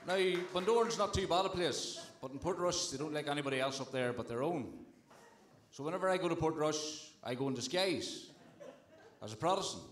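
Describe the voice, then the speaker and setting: A young man with a Northern Irish accent doing a stand-up set, deadpan and swearing, with crowd work. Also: on the high side, brisk. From Northern Ireland. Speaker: stand-up comedian. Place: comedy club stage. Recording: roomy live club with crowd.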